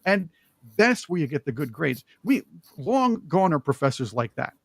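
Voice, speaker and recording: A man hosting a political talk show, opinionated and joking, with emphatic, animated delivery. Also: a little high, moderate pace, gravelly, no room sound, studio quality.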